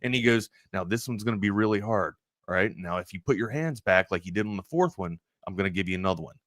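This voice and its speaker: A man hosting a sports talk show, telling a long personal story in a rambling, animated way full of restarts. He is from Maryland. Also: on the low side, quick pace, dry recording, studio quality. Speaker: sports talk radio host.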